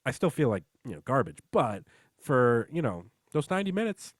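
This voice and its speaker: A man's voice: medium pitch, big pitch swings, moderate pace, no room sound, studio quality. A young man co-hosting a casual podcast, telling rambling, joking stories and laughing through them. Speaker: podcast co-host. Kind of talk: casual chat.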